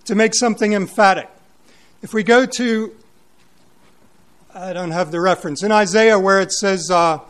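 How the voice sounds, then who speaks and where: A man preaching a sermon, emphatic and questioning, repeating words for weight. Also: high-pitched.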